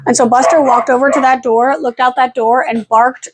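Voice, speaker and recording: A woman's voice: sits high, level tone, moderate pace, noisy background. A young woman rambling casually in a late-night home vlog, frazzled and chatty, cooing baby talk at her dogs in between. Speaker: vlogger.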